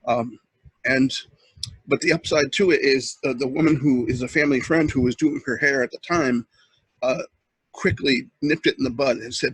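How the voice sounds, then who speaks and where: Man, host, casual monologue, husky voice, dry close sound, halting. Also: medium pitch, dry recording, rough recording. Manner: earnest, halting, with many restarts.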